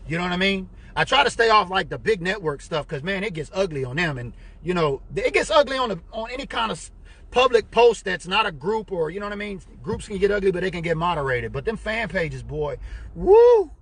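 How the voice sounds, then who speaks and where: A middle-aged man with a fairly high, husky voice hosts a casual live stream, rambling in a chatty, animated way. He keeps tossing in "you know what I'm saying" while he greets viewers and reads their comments. He sounds from the United States, speaking through a basic stream mic. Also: fast. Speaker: fan group owner and live-stream host. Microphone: computer or phone mic on a live stream.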